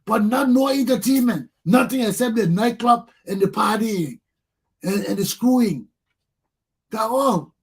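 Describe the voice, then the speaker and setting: A man's voice: very high voice, darkish tone, breathy edge. An older man, hosting a talk show and delivering an angry, profane monologue in repeated jabs. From Liberia. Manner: ranting, profane, repetitive.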